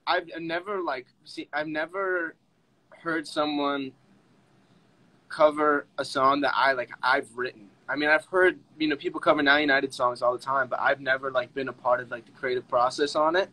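A young man hosting a casual livestream, emotional and laughing, talking in halting restarts. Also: a little high, steady tone, bright, forceful tone, low-quality recording. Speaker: livestream host.

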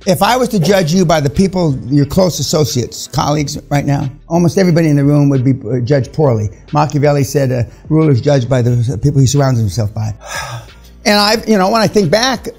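A man's voice: on the high side, lively intonation, brisk, gravelly, a little mellow, faint music behind. A man in his seventies giving a blunt, crude and confrontational seminar talk to a room of people, with many fillers. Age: 70s. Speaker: seminar speaker. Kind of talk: profane motivational seminar talk.

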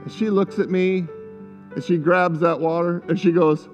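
A man's voice: high voice, moderate pace, darkish tone, faint music behind. Fervent preaching man in echoing hall. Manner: fervent, repetitive exhortation with spoken prayers. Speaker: pastor. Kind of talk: sermon. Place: church sanctuary. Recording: muffled sound with long hall reverb.

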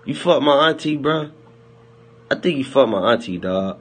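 A man's voice: mid-range voice, expressive, moderate pace, a bit bright, slightly rough. A young man chatting loosely on a phone livestream, rambling, laughing and teasing his viewers in heavy slang. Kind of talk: loose joking livestream chat.

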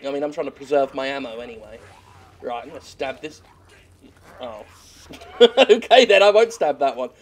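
A man giving sweary, joking let's-play commentary while he plays a game, with excitable outbursts. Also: mid-range voice, brisk, long pauses. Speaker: games critic playing a game.

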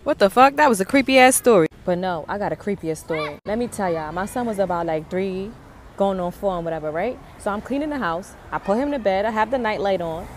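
A mother telling a story in a casual, animated way, full of swearing and drama. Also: mid-range voice, fairly quick, a little hiss or hum.

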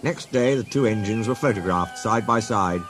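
A man narrating a storybook tale in a measured, expressive way. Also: on the low side. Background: music.

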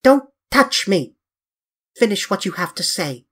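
A reader voicing a bitter, scornful young man who speaks in a hard, clear, mocking voice, higher and sharper than the narration. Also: expressive, moderate pace. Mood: cold. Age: young adult.

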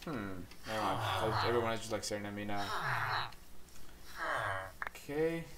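A man's voice: lowish voice, expressive, a little slow. Playful rambling man over noisy game audio. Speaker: gaming channel host. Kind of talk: casual gameplay commentary.

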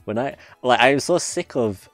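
A man's voice: mid-range voice, animated, moderate pace, no echo, faint music behind. A man hosting a reaction video, commenting casually on clips, laughing often and swearing freely.

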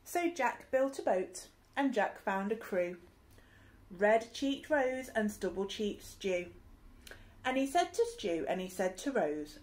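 A woman's voice: medium pitch, sing-song, slow pace, a little mellow. A woman teacher reading a rhyming picture book aloud in a sing-song, rhythmic way with playful asides. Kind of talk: expressive storybook read-aloud.

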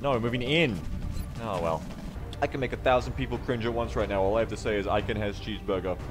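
A man streaming a strategy game, commentating sarcastically and jumping to excited yelps. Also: medium pitch, fast talker. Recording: game stream with music behind.

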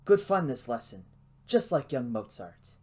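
Old gruff mechanic, read by a man: mumbling, earnest, kindly. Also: medium pitch, big pitch swings, unhurried, darkish tone. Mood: whispered. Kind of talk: audiobook character reading.

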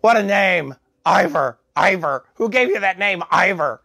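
Male storyteller voicing a cranky very old woman, high and curt, scolding. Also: lively intonation, measured pace, creaky, sharp tone, heavily acted. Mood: teasing.

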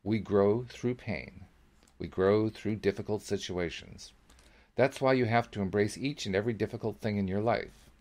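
A man reading the part of an older woman, a gentle, wise grandmother who calmly reassures a boy. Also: fairly low pitch, moderate pace, lightly acted. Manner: calm, patient, reassuring.

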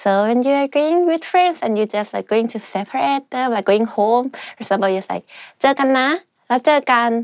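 Chatty, fast-talking woman. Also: fairly high pitch, no room sound, studio quality. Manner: chatty, lots of fillers, laughs often. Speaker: language teacher. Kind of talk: casual spoken language lesson.

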